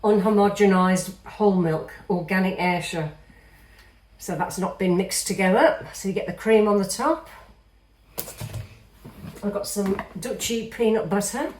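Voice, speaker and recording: A woman's voice: medium pitch, a little slow, pauses often, a little mellow. English woman, 50s, Midlands tinge, slightly nasal, rambling vlogger. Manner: chatty, rambling, self-deprecating. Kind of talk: casual chat.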